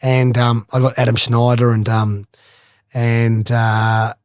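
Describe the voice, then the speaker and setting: A man's voice: mid-range voice, slow, dry recording, studio quality. A middle-aged Australian man, a former footballer, telling swearing, laughing stories as a podcast guest. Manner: swearing, laughing, animated anecdotes. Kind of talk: casual storytelling.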